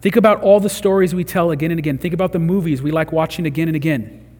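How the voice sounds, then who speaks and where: Man, sermon, husky, slightly high voice, long hall echo. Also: quick pace, a little mellow. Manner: earnest, conversational preaching with rising emphasis. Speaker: pastor.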